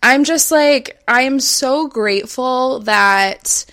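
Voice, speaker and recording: A woman's voice: high voice, takes it slowly, fairly bright tone. A woman co-hosts a casual podcast in an everyday voice. She rambles, leans on fillers like "like", and swears offhandedly as she speaks. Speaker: podcast co-host.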